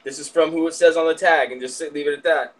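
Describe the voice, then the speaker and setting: A man's voice: a little high, fairly even intonation, quick pace, rough recording. A man in casual chat giving blunt, profane advice to a friend.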